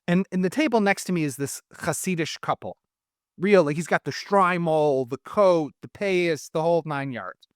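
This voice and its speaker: A middle-aged man from Israel talks politics in a worked-up, emphatic rush, stumbling over restarts. His voice sits somewhat high. It is recorded close and dry with no room sound. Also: moderate pace, no echo. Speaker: guest. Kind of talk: heated political discussion.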